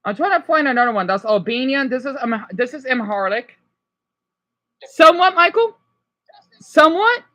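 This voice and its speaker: A woman's voice: a little high, a little fast, a bit bright, highs cut off. A woman casually teaching a pretend class about how languages compare, eager and chatty, often restarting and hedging.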